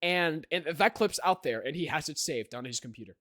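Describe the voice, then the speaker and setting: In a fairly high, slightly bright voice with lively intonation and a somewhat quick pace, a teenage podcast host tells a rambling story. The casual chat is full of fillers and "right?" check-ins. Clean studio sound, no room sound.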